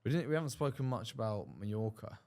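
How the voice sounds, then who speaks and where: A man's voice: mid-range voice, fast talker, darkish tone. A man, co-hosting a podcast in casual chat and mostly agreeing with short replies. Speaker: podcast co-host.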